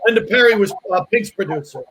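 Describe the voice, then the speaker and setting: Male host with a high voice, engaged and chatty, faint noise behind. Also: expressive, quick pace, fairly bright tone, rough recording. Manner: eager, chiming in with agreement and comments. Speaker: podcast host. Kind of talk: casual chat.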